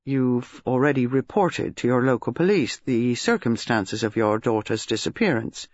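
Man doing a stolid police superintendent, low, grave, audiobook reading, dry dull sound. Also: expressive, slow pace, no room sound. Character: stolid middle-aged male police superintendent.

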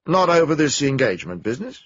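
A man reading an audiobook, voicing a brisk police inspector who questions directly. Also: a little high, sing-song, no room sound, lo-fi sound, pitched above the performer's own voice. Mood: probing.

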